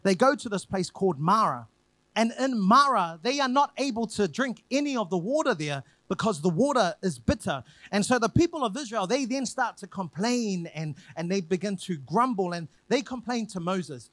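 A man with a fairly high voice preaches a storytelling sermon. He builds his points through repetition and acts out the people in the story. The recording is close and dry. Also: lively intonation, normal speed, a bit bright, dry recording. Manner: retells scripture with vivid acted quotes and repetition.

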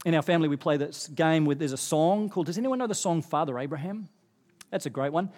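High-voiced pastor preaching in a reverberant hall. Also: male voice, fast talker. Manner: animated, rising when stressing a point. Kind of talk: sermon. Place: church hall. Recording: long reverb of a church hall.

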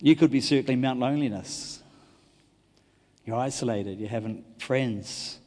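A man, a pastor preaching a sermon, telling stories and swinging between loud and hushed delivery. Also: mid-range voice, a little slow. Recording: long hall reverb.

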